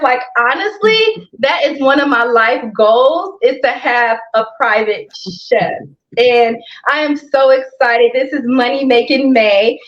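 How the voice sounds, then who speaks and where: High-voiced chatty woman host. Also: roomy sound, highs cut off. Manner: upbeat, chatty, says "right?" often. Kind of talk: casual interview chat.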